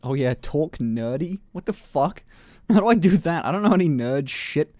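A man's voice: a little high, lively intonation, normal speed, mellow, no echo. A young man streaming live in casual chat, swearing freely, laughing often and testing out voices. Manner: swears freely, laughs a lot, playful voice experiments.

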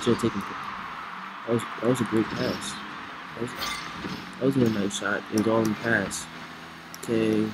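A man giving excitable let's play commentary, reacting loudly to the plays. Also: lowish voice, normal speed, pauses often. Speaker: gamer. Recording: noisy with game sounds behind.

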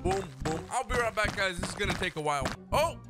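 A young man giving excitable let's-play commentary as a gaming YouTuber, shouting when surprised. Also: sits high, fast talker. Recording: loud background music.

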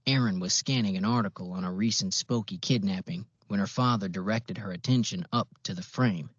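A man reading a novel aloud as an audiobook narrator, in a measured, even way. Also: lowish voice, breathy edge, dry recording. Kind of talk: scripted narration. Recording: dull, dry lo-fi recording.

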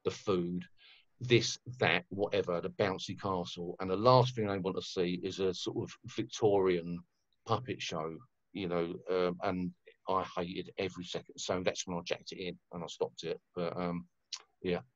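A man's voice: deep voice, fairly even intonation, normal speed, dry recording, dull audio. A man, a guest telling rambling stories with lots of fillers and swearing in a casual conversation. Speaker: guest musician.

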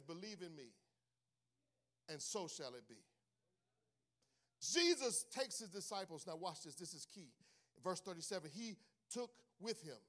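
A male pastor preaching a sermon in a church, swinging from hushed asides to sung, shouted calls to the congregation. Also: sits high. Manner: preaching with call-and-response, rising into sung shouts. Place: church sanctuary.

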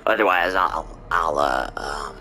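A man's voice: very deep voice, a little slow, sharp tone, voice pushed down, exaggerated voice. Man doing Ghostface, a rambling goofy slasher. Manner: rambling, drops to mutters. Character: goofy masked slasher forgetting his lines.

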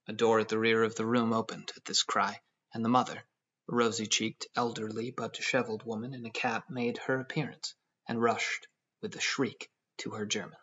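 A man narrating an audiobook in a measured storytelling manner. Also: mid-range voice, fairly bright tone, slightly rough. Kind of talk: scripted narration. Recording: dull lo-fi audio.

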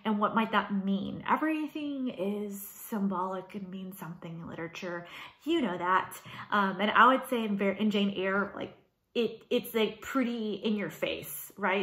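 A woman teacher giving a casual, animated video lecture, talking with lots of fillers. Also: mid-range voice, normal speed. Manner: chatty and animated, many fillers. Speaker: high school English teacher. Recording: roomy echo.

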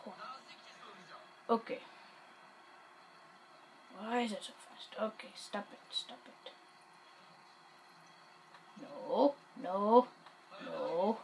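A woman's voice: a little high, fairly even intonation, slow pace, long pauses, slight background noise, rough recording. Woman playing a game and talking to herself, goofy, mutters and whispers, takes her time. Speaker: gameplay commentator. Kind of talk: casual gameplay commentary.

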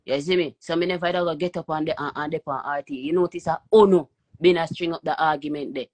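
A man's voice: fairly high pitch, steady tone, fast talker, a little mellow. A man with a Jamaican accent, cursing and emphatic as he rants on a phone live stream. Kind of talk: heated live-stream rant.

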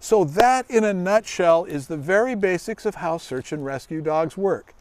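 Middle-aged male dog handler with a high-pitched voice; goofy animated praise for his dog, relaxed explanations for kids. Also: moderate pace. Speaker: search and rescue dog handler. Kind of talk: demonstration for children.

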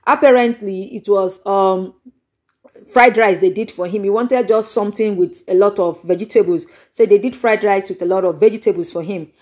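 On her YouTube channel, a young woman with a Nigerian accent dramatically narrates gossip, punctuating it with exclamations. She uses a mid-range voice at normal speed, captured by a microphone.

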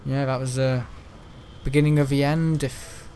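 A young gaming YouTuber rambles through let's-play commentary, chatty and meandering, swearing mildly and often restarting his sentences. His fairly high voice stays steady at a normal speed over soft background music.

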